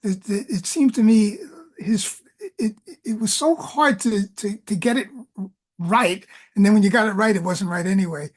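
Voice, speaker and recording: A woman lecturer in an academic discussion, talking in halting phrases with many restarts. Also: mid-range voice, a little mellow, slightly rough.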